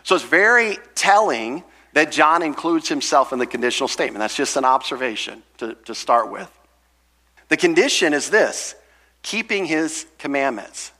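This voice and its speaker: A man's voice: medium pitch, sharp tone. A pastor teaching an expository sermon to his congregation in a conversational way, with asides.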